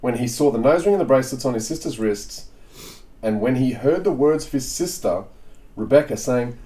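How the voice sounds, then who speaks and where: A man's voice: mid-range voice, expressive, moderate pace, dark tone, poor audio. A man co-hosting a podcast, reading a story aloud and riffing on it in a playful, swearing, casual way. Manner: playful, swears, laughs off slips. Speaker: podcast co-host reading scripture. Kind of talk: casual comedic reading and banter.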